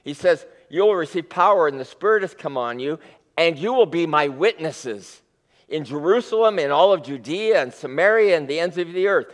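Male pastor, sermon delivery, slightly high voice, lively storytelling, long hall reverb. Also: moderate pace. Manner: animated storytelling, acts out quotes with rising emphasis.

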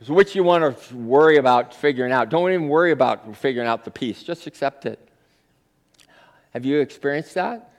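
A man preaching a sermon in a conversational storytelling style that swells into forceful peaks. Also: medium pitch, a little fast. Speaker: pastor. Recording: long reverb of a large hall.

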